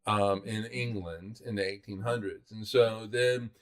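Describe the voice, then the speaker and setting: A man's voice: on the low side, steady tone, a little slow. A man co-hosting a podcast, explaining in a casual chat, with many ums and easy swearing. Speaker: podcast co-host.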